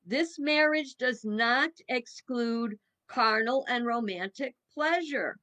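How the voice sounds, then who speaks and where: Slow, bright-voiced woman in her seventies. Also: a little high. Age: 70s. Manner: folksy, musing, with chuckles. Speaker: minister. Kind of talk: reflective evening talk.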